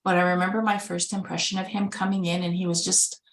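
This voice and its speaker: A woman's voice: on the low side, level tone, fast. Earnest woman from Canada telling her story. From Winnipeg, Manitoba, Canada. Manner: earnest and conversational, acting out remembered dialogue. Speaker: caregiver and organ donation advocate. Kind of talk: personal storytelling in a webinar. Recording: echoey room.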